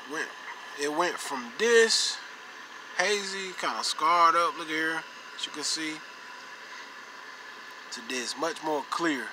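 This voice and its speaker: A man hosting a car detailing channel, casually showing off the results and pointing them out over and over. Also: a little high. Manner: repetitive, pointing things out. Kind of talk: casual how-to demonstration. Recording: noisy ambience, vehicle sounds.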